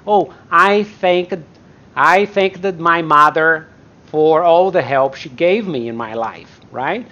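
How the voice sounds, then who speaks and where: A woman English teacher giving a live online lesson, explaining slowly, repeating example sentences and acting them out, her native tongue Portuguese. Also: fairly low pitch, a bit bright, lo-fi sound.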